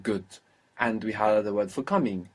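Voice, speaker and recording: A man's voice: lowish voice, moderate pace, a little mellow. Patient male language teacher. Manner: patient, prompting the student with questions. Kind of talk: guided language lesson.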